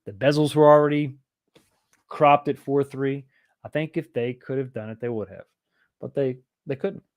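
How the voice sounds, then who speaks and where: A man's voice: mid-range voice, steady tone, normal speed. A man hosting a casual livestream, rambling and restarting his sentences as he talks. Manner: rambling, repeats words and restarts often. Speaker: livestream host.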